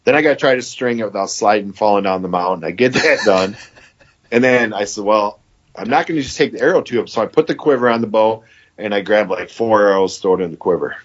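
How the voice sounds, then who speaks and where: Brisk and on the low side, this Michigan man in his fifties comes across muffled. As a podcast guest, he wanders loosely through a lengthy tale, relaying what others said with "he goes."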